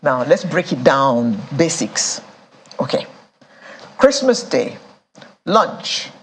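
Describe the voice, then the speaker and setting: A woman's voice: low-pitched, very animated, takes it slowly, a little hiss or hum. A woman co-hosting a casual studio talk show, dropping playful quips.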